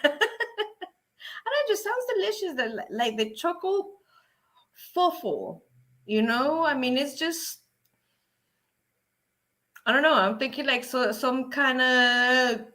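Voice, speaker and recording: Giggly high-voiced woman streamer. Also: takes it slowly, pauses often. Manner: giggly, laughs often, excitable. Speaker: livestream host. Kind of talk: casual livestream chat reading viewer comments.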